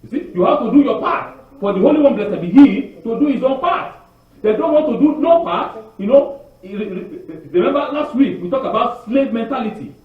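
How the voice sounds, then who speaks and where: A man preaching a sermon on the weekly Torah portion, animated, asking the congregation rhetorical questions and often repeating and restarting words. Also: extremely high pitch, fairly quick. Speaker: congregation teacher. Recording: very echoey, distant, dull lo-fi.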